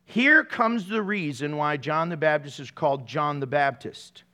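A man's voice: on the high side, expressive, unhurried, sharp tone. A man preaching a casual sermon, with playful, jokey asides to the congregation. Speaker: pastor.

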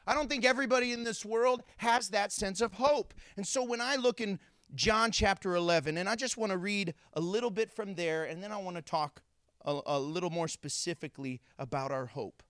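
A pastor preaching a sermon to his congregation, animated, acting out the voices of people in the story. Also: sits high, a little fast, clear, resonant tone, no echo, clean studio sound.

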